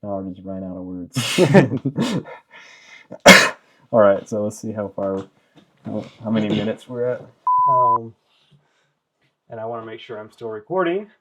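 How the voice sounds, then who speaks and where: Low-voiced man telling a rambling tale. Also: lively intonation, unhurried, pauses often, fairly bright tone. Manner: rambling, chuckling storyteller with many ums. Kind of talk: casual podcast chat.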